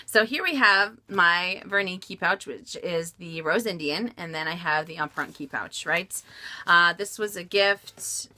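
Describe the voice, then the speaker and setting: This woman's voice is fairly low yet bright, with a forceful tone. She's a vlogger doing a casual Q&A about luxury bags, chatting frankly with many laughs and fillers.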